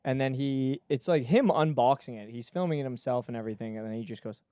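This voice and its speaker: Young man, podcast co-host, rambling crude storytelling, mid pitch, dry close mic. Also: fast talker, hardly any pauses, warm tone, clean tone, no echo. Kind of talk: casual chat.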